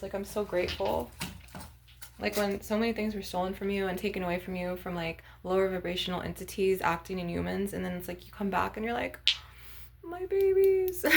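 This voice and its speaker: A woman's voice: mid-range voice, creaky, a little hiss or hum. A young woman vlogging casually to her viewers, rambling with lots of "like" and "you guys" as she shows off her crystals. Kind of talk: casual chat to camera.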